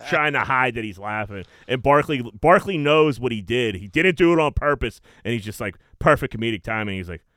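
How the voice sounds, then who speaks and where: A young man hosting a casual chat, telling stories in an animated way and swearing a lot. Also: mid-range voice, fairly quick, hardly any pauses, dry recording. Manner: animated storytelling, heavy swearing and "dude".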